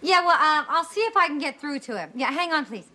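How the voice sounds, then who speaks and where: A woman's voice: sits high, expressive, quick pace. An actress playing a dry-witted young woman roommate in a sitcom, speaking in a dry, sarcastic way. The scene comes from a very noisy TV soundtrack. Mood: impatient. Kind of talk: sitcom acting.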